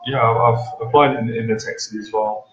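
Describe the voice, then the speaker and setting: Man, mid pitch, rambling casual talk; roomy, noisy, lo-fi recording. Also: steady tone, fairly quick. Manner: rambling, repeats himself, stumbles often. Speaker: dating coach. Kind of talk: casual advice chat.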